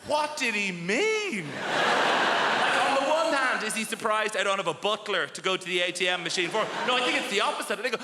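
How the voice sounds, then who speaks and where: A man's voice: high-pitched, expressive, normal speed, very noisy. A male stand-up comedian performing a set on a theatre stage, animatedly acting out the voices of people in his stories. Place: large theatre stage with a laughing audience. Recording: echoey theatre hall with loud crowd.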